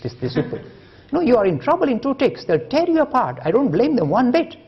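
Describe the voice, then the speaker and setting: A man's voice: very high voice, sing-song, fast, slightly rough, dull audio. A man giving a public lecture, storytelling with humor and emphatic delivery.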